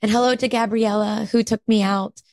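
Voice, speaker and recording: A woman co-hosting a podcast in casual chat, her voice hoarse, raspy and squeaky from a cold, chatty and quick to laugh. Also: steady tone, darkish tone, no room sound. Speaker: podcast co-host.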